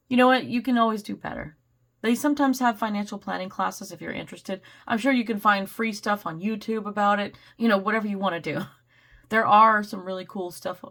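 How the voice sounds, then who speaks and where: A woman giving a casual, rambling tarot reading, slightly hoarse, clearing her throat and laughing often. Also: mid-range voice, fairly bright tone. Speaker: tarot reader.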